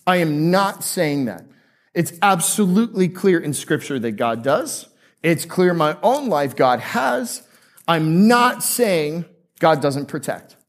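A man's voice: on the high side, expressive, takes it slowly. A male pastor preaching a conversational sermon to a live congregation, joking and asking them questions.

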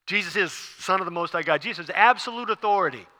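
A man's voice: high voice, fast, pushed and bright, big-room sound. A man preaching a sermon, explaining a passage with frequent fillers and restarts. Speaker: pastor.

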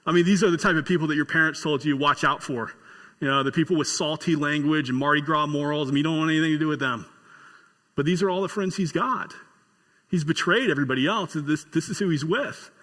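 A male pastor preaching a sermon with folksy humor and storytelling, building to excited emphasis. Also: a little high, quick pace, big-room sound.

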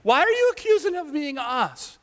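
A man voicing a whiny, childish high priest who accuses others, as part of a sermon. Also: sing-song, fairly quick, fairly bright tone, full character voice. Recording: long hall reverb.

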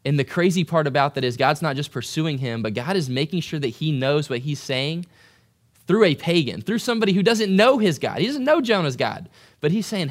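A young man preaching a conversational sermon, animated and acting out quoted voices. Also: a little high, moderate pace. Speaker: pastor.

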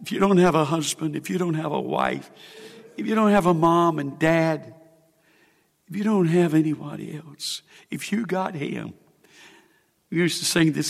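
A man preaching a sermon, swinging from hushed, emotional confession to loud exclamation. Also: a little high, big pitch swings, normal speed, gravelly, pauses often, long reverb tail.

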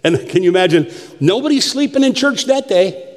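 A man preaching a sermon, animated and joking, asking the congregation questions. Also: high-pitched, brisk. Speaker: pastor. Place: church sanctuary. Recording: long hall reverb.

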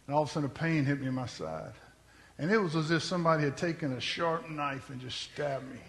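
A man's voice: fairly high pitch, expressive, fast talker, a bit bright, long reverb tail, slight background noise. A man telling his testimony from the pulpit in an earnest, conversational storytelling manner. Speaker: preacher giving his testimony.

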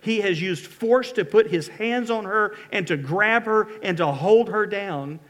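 A man's voice: sits high, measured pace, a bit bright. A middle-aged man preaching a sermon as pastor, reading scripture with dramatic emphatic pleas.

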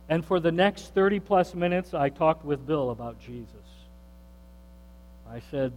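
A pastor's somewhat high male voice carries through a church hall with long reverb, with a faint mains hum underneath. He preaches conversationally, like he's telling a story, and grows animated when he quotes others. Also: takes it slowly, pauses often. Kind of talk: sermon storytelling. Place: church sanctuary.

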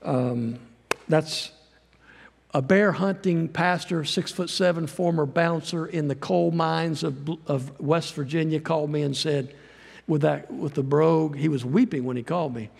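A man's voice: fairly high pitch, steady tone, a little slow, a little mellow. A middle-aged man preaching a sermon in a church, folksy and rambling, with self-deprecating asides. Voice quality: gravelly voice. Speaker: guest preacher and missionary. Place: church sanctuary. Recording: long reverb of a church hall.

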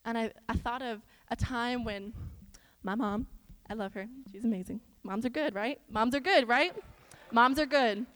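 High-voiced woman preaching in echoing hall. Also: moderate pace. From Iowa, US. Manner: animated, talks straight to the audience with asides. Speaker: church speaker. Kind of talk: chatty sermon with storytelling. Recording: long hall reverb.

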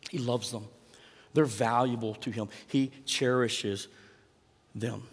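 A man's voice: mid-range voice, fairly even intonation, takes it slowly, husky, long reverb tail. A man preaching a sermon in a conversational way, asking the congregation rhetorical questions. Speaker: pastor.

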